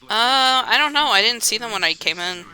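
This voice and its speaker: A woman's voice: fairly high pitch, lively intonation, normal speed, pushed and bright, low-quality recording. A woman streamer chatting casually in a virtual world, easygoing and laughing often.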